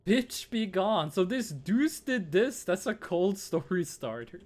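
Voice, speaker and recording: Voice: medium pitch, expressive, takes it slowly, darkish tone. A young adult streamer, casually chatting while gaming and telling rambling, profane stories. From Norway. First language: Norwegian.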